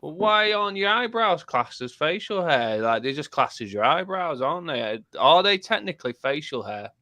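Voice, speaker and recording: A man co-hosting a casual podcast, an animated storyteller who swears freely. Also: a little high, normal speed, no echo. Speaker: podcast co-host. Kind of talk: casual chat.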